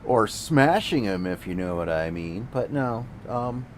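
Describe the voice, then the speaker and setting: A man's voice: on the low side, lively intonation, measured pace, a little hiss or hum, low-quality recording. A man streaming a game, ranting casually and sarcastically with plenty of swearing. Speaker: gaming streamer. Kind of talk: casual ranting commentary while gaming.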